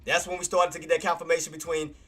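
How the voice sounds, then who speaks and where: A male streamer giving live trading commentary, excitable, repetitive and quick to apologize. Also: on the high side, faint music behind.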